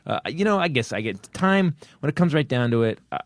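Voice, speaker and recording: Comedy podcast host: a man, mid-pitched, riffing and rambling, dry close-mic sound. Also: sing-song, no echo. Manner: rambling, joking, quick to laugh. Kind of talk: casual comedic chat.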